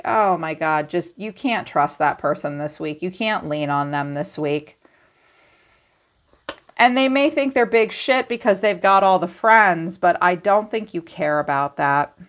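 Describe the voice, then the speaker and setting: Woman, tarot reader, low-ish voice, blunt and chatty, casual reading style. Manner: blunt, chatty, teasing, full of "like".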